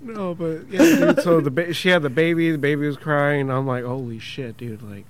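A man's voice: a little high, a little fast. A man in his thirties hosting a podcast, telling a rambling, profanity-laced story and acting out the people in it. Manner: profane, rambling, acts out quoted voices. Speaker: podcast host. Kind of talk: casual storytelling.

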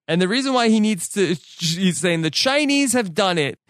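Rambling man with a smooth voice. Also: high-pitched, lively intonation, normal speed, a bit bright, no echo, clean studio sound. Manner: rambling, many fillers and restarts. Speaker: podcast co-host. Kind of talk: casual chat recounting a story.

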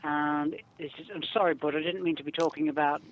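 A man's voice: a little high, steady tone, fairly quick, slight background noise. Effusive Northern English man, lo-fi sound. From north of England. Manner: effusive and theatrical. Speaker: guest performer. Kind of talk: casual chat. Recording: dull lo-fi recording.

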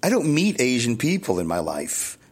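A man's voice: medium pitch, wildly swooping pitch, moderate pace, husky. Rambling middle-aged New man. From New York City, Brooklyn. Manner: rambling, candid, frequent chuckles and self-corrections. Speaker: podcast host. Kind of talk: casual solo podcast monologue.

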